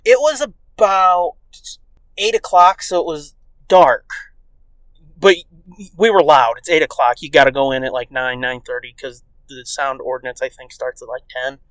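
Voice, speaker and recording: Male podcast co-host, mid-pitched voice, dry close mic, crude and lively storyteller. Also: normal speed, dry recording. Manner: profane, animated, acts out quoted voices.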